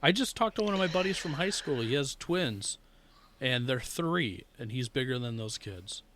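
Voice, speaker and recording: A man's voice: medium pitch, lively intonation, normal speed, a bit bright, a little hiss or hum. A young man co-hosting a podcast in casual chat, telling rambling stories as a first-time dad, swearing freely and laughing often. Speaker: podcast co-host.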